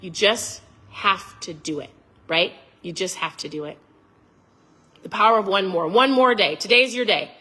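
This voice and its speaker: A woman giving a motivational vlog talk, fired up and emphatic, almost yelling as she urges viewers on. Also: mid-range voice, normal speed. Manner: emphatic, preachy. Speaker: vlogger.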